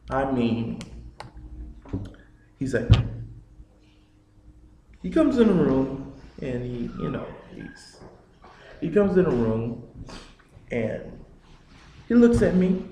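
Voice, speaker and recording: A man's voice: medium pitch, darkish tone, a little hiss or hum. A young man casually telling a personal story, rambling with many "you know" fillers. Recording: echoey room with faint ambience.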